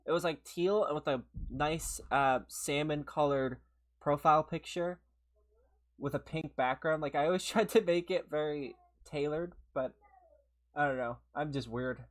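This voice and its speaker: Slightly hoarse, chatty gaming streamer. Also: medium pitch, a little slow. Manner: chatty, laughs often, greets viewers by name. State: slightly hoarse from a recent illness. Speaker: gaming livestreamer. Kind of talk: casual live-stream chat while playing.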